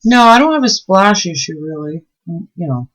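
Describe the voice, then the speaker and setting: A woman's voice: fairly low pitch, very animated, normal speed, a bit bright. A woman chatting casually while making soap, telling stories and easily delighted. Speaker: soap maker and channel host. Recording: dull, muffled recording.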